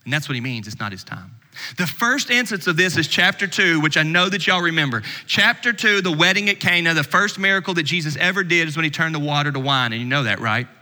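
Bright-voiced pastor in reverberant hall. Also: male voice, on the high side, fast talker. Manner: conversational preaching, swings from animated to hushed. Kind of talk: sermon. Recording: long reverb of a church hall.

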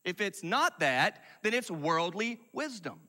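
Bright-voiced male preacher in a hall. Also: high-pitched, sing-song, measured pace. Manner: emphatic, swings from loud to hushed. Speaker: pastor. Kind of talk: sermon.

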